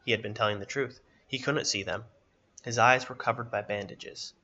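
A man reading a fantasy story aloud in a steady, even narration. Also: medium pitch, moderate pace, husky, highs cut off.

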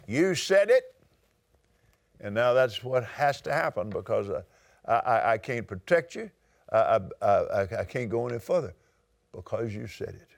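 A man's voice: mid-range voice, big pitch swings, moderate pace, vocal fry, no echo, clean studio sound. An older man with a Southern US accent, preaching a sermon and reading scripture aloud with dramatic swings in his voice.

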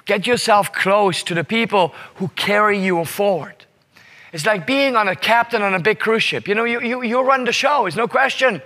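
A man presenting at a leadership seminar tells the room a story in a high, pushed, bright voice at normal speed. He's emphatic, repeating words and checking in with frequent "right?"s.

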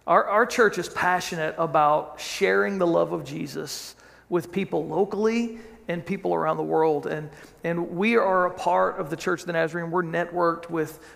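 A man's voice: on the high side, fairly even intonation, moderate pace, gravelly, a bit bright, in a large hall. A male pastor preaching a sermon in a conversational storytelling way, often restarting his sentences.

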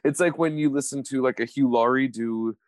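A man's voice: medium pitch, brisk, no echo. A man co-hosting a podcast in casual chat, laughing often, swearing and slipping into playful impressions. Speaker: podcast co-host.

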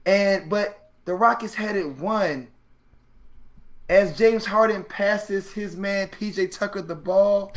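A man co-hosting a casual sports chat, telling stories with energy, acting out players' reactions and laughing often. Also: on the high side. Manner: animated storytelling, acts out players' reactions. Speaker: sports podcast co-host.

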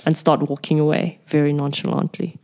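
A woman's voice: low voice, flat delivery, brisk, creaky, warm tone. A woman playing a tabletop game, stating her character's moves in a matter-of-fact way. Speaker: player. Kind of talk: casual tabletop game talk.

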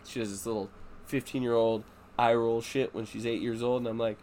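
A man's voice: medium pitch, flat delivery, a little fast, mellow, a little hiss or hum. A man hosting a casual podcast, swearing freely and acting out his kids' voices in stories. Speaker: podcast host. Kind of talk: casual chat.

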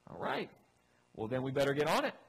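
A man's voice: medium pitch, wildly swooping pitch, a little fast, gravelly. A man preaching a sermon, reading scripture aloud with dramatic swells and earnest appeals. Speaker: pastor. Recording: long hall reverb, faint room noise.

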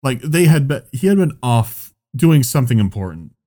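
A man's voice: mid-range voice, very animated, normal speed, mellow. A man telling a long casual anecdote, rambling with lots of "like" and swearing. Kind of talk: casual chat.

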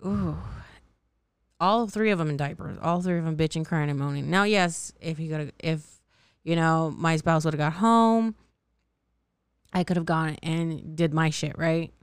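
A woman's voice: sits low, normal speed, clean tone, no room sound, clean studio sound. A woman in her thirties hosting a candid solo podcast, blunt and profane, laughing often at herself, her throat a little sore. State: slightly sore, scratchy throat. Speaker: podcast host.

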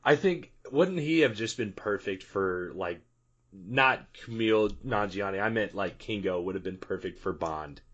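A man's voice: lowish voice, animated, a little slow, a bit bright, dull audio. A man co-hosting a podcast, chatting casually and animatedly about a film, laughing often. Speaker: podcast co-host. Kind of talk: casual movie review chat.

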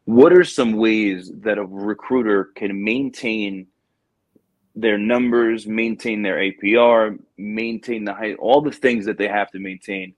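A man hosting a casual chat, telling a recruiting story with lively acted-out quotes and plenty of "bro". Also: on the low side, a little slow, no room sound. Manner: animated storyteller, acts out quotes, says "bro". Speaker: podcast host, Marine recruiting staff sergeant.

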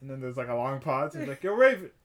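A young man co-hosting a podcast, telling a concert story in a relaxed, animated way. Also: mid-range voice, fast talker, a crowd in the background. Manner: animated storytelling, quotes people in raised voice. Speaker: podcast co-host. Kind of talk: casual chat.

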